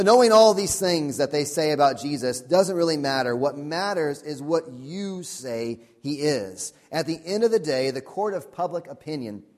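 A man preaching a sermon as pastor, earnest and emphatic, repeating questions and dropping to a quiet, intense voice for key points. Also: on the high side.

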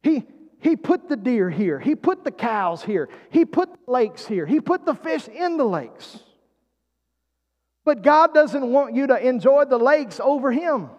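A man's voice: extremely high pitch, sing-song, measured pace, lo-fi sound. A man preaching a sermon as pastor, drawing the congregation in with calls and questions. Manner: preaching with call-and-response prompts. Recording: long hall reverb.

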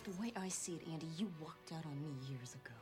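A woman's voice: sits low, lively intonation, fast talker, music in the background. An actress playing a restless young wife in a TV drama, bitter and cutting as she leaves her husband. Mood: scornful. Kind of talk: TV drama acting.

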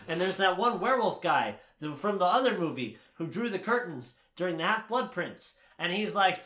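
A man talking casually with a lively, swooping voice that climbs into exasperated rants. His tone is bright and forceful, full of swearing, and his pitch sits a touch high for a man. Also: fairly quick, hardly any pauses. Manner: animated, sweary, exasperated ranting. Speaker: podcast co-host recapping a film. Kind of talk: casual chat. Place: home room, packing to move.

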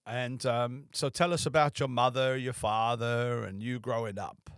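A man's voice: medium pitch, steady tone, measured pace, clean tone. A man hosting a podcast, asking conversational questions and giving short acknowledgments. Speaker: podcast host. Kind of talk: interview.

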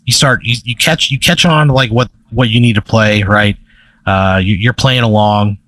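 A man's voice: on the low side, moderate pace, a bit bright, dry recording. A man telling a long, rambling comedic story in casual chat, full of "like" and "right?".

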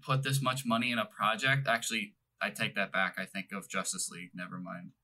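A young man talks through a film in casual, rambling chat, often stopping to correct himself. His voice is very bright and forward. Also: on the low side, flat delivery, a little fast, rough recording. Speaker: podcast co-host.

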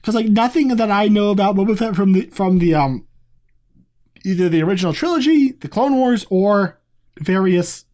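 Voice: medium pitch, expressive, normal speed, dark tone. A podcast co-host in a casual review chat, talking in a chatty, rambling way with many asides.

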